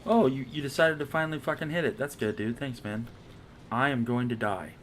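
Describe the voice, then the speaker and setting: A male game streamer talks off the cuff, rambling and swearing freely and poking fun at himself. His voice sits at an ordinary middle pitch, with faint room ambience behind it. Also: a little fast, fairly bright tone, a little hiss or hum. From Irish heritage. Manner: rambling, profane, self-mocking. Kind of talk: casual stream chat.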